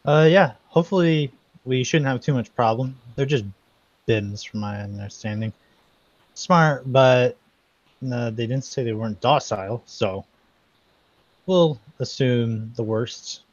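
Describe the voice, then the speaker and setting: A man's voice: mid-range voice, unhurried, no echo. A man playing a tabletop game as a senator character, casual and dry-humored. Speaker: player. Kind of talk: in-character role-play chat. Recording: dull, lo-fi mic, dry.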